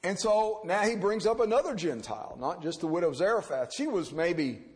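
A man preaching an expository sermon, animated and acting out the people he quotes. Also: high-pitched, normal speed. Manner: animated, acts out quoted characters. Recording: reverberant hall.

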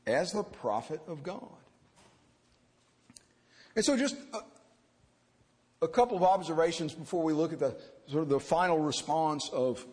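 A man preaching an expository sermon, animated and acting out the people he quotes. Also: a little high. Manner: animated, acts out quoted characters. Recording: reverberant hall.

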